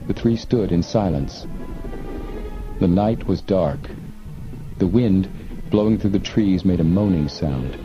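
A man reading an adventure novel aloud in measured, suspenseful narration. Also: sits low, lively intonation, soft background music. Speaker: audiobook narrator. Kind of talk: scripted narration. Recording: muffled lo-fi with faint hiss.

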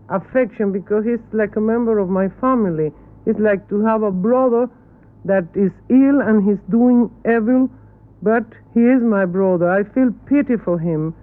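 A woman from Cuba, a native Spanish speaker with a Cuban Spanish accent, answering questions earnestly in halting English and correcting her questioners. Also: mid-range voice. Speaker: interview guest. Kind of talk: televised panel interview. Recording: tinny archival broadcast audio.

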